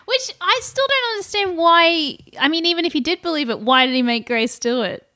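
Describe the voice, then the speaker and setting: A woman's voice: extremely high pitch, lively intonation, fairly quick, bright, forceful tone. A woman co-hosting a casual film-review podcast, chatty and giggly as she recaps scenes. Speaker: podcast co-host.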